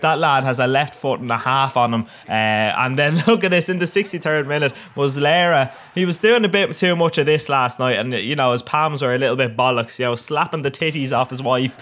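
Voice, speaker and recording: A young man with an Irish accent gives casual commentary over his football video game matches, rambling and cheeky with bursts of excitement. His mid-range voice moves briskly, with hardly any pauses.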